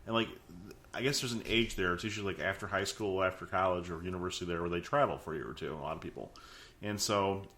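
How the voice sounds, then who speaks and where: A podcast host in his thirties with a fairly low-pitched voice. He rambles through a story in a casual way, leaning on fillers and false starts. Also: fast talker, a bit bright. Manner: rambling, full of "like" and restarts.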